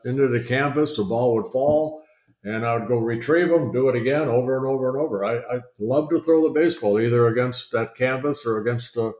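An older man, a retired pitcher, telling chatty, rambling stories in a podcast interview, full of fillers and restarts. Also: a little mellow. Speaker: guest, retired baseball pitcher. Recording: roomy echo.

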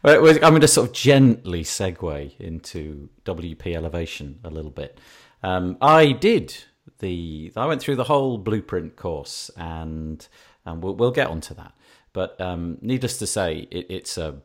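A male podcast host chats casually with his guest, often stumbling over his words and making fun of himself. His voice is deep and low. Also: very animated, a little slow. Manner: hesitant, many fillers and restarts, self-deprecating. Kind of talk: casual interview chat.

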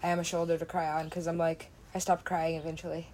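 A woman's voice: low-pitched, monotone, quick pace, noisy background. A woman DJ talking in a meandering, casual way, swearing freely and laughing often. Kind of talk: rambling casual monologue.

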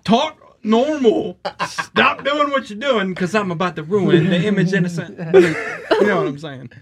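Male podcast host, Kentucky accent, lively pitch, profane comic banter. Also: normal speed, a crowd in the background. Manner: profane, joking, animated. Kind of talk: casual chat.

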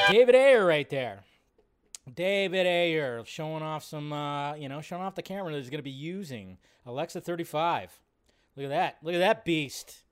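A man's voice: on the high side, clear, resonant tone. A man hosting a live movie-news stream, chatting casually and rambling with plenty of fillers. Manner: rambling, laid-back, lots of fillers. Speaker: live show host.

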